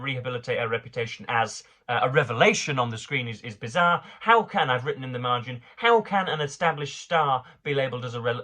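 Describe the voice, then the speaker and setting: A man's voice: medium pitch, pushed and bright. A man reading newspaper items aloud and commenting on them with dry, sardonic asides, often stumbling over his words. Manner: halting, frequent fillers and restarts, dry sardonic asides. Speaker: vlogger reviewing the newspaper.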